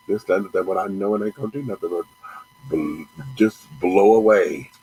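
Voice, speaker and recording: A man's voice: fairly low pitch, fairly quick, darkish tone, a little hiss or hum, poor audio. A man hosting a show, ranting angrily with profanity and repeating himself. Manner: angry, profane, repetitive rant. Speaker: host. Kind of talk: ranting commentary.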